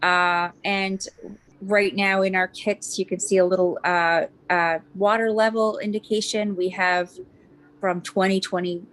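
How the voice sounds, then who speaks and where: Halting woman reading a council report. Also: mid-range voice, flat delivery, a bit bright. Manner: hesitant, many fillers and restarts. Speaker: deputy mayor. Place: council chamber.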